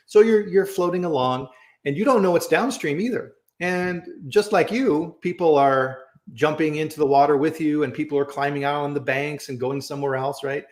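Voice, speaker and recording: A man's voice: fairly high pitch, normal speed, echoey room. A man hosting a casual chat, telling stories and often checking in with "right?". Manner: storytelling, says "right?" often. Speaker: host.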